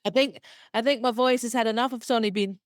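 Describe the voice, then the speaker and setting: A young woman with a Scottish accent, a comedian talking chattily as a podcast guest, full of "like" and quick laughs. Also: fairly high pitch, steady tone, no room sound, clean studio sound. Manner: chatty, filler-heavy, quick self-deprecating laughs. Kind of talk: casual podcast interview.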